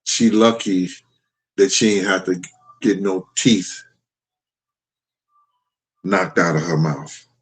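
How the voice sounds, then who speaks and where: A man's voice: low-pitched, slow pace, long pauses, rough recording. A middle-aged man hosting a livestream and talking frankly and profanely to his chat. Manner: blunt, profane storytelling. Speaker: livestream host. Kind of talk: casual livestream talk to chat.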